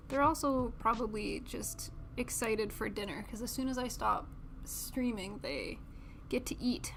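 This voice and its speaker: A woman's voice: a little high, a little hiss or hum. A woman around thirty chatting casually on a livestream while building model kits, cooing at her cats and often dropping into a whisper. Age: about 30.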